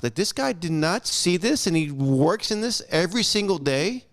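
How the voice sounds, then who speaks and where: A man's voice: on the high side, moderate pace, hardly any pauses. A young adult man in casual chat on a podcast, telling stories bluntly with swearing and acting out the dialogue. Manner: blunt, profane, animated storyteller acting out dialogue. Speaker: podcast guest.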